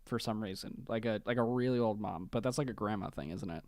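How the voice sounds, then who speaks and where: A podcast host on a call, chatting casually, animated and profane, laughing often. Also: mid-range voice, fast, no echo, studio quality. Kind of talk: casual chat.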